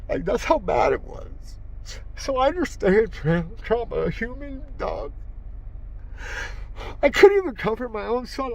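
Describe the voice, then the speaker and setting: A middle-aged man talking to camera in a raw, rambling, heartfelt monologue, his voice sinking low and quiet as he grieves. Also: gravelly. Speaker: vlogger.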